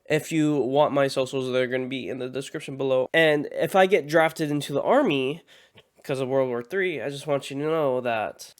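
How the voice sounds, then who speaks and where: A man reacting in a casual vlog, sounding groggy and sick, rambling, apologizing and joking. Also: medium pitch. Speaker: YouTube reactor.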